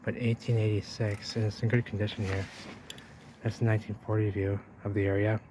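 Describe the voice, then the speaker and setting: A man's voice: on the low side, little pitch movement, fairly quick, background noise. A man narrating an exploring vlog outdoors, rambling to viewers while he walks and points things out. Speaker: vlogger. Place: outdoors by a river wall.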